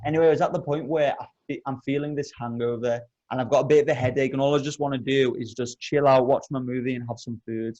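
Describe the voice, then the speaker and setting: A man co-hosting a podcast, telling an animated, sweary story in casual chat. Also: medium pitch, quick pace, hardly any pauses, lo-fi sound. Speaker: podcast co-host.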